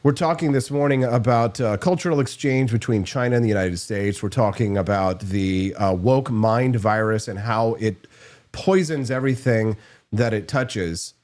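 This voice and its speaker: A man's voice: on the low side, normal speed, a little mellow. A man hosting a live morning show, chatting casually and promoting the stream in an upbeat way. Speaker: host.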